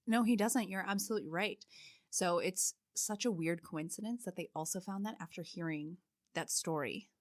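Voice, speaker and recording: A woman co-hosts a casual true-crime podcast, steadily walking her listener through a case and often using "like" as a filler. Her voice is on the low side at normal speed, with clean studio sound and no echo.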